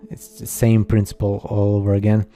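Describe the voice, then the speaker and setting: Dark-voiced man, halting skeptical narration. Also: fairly low pitch, monotone, soft background music. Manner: halting, many fillers and restarts, skeptical asides. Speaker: narrator of a slideshow video. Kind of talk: casual voice-over commentary.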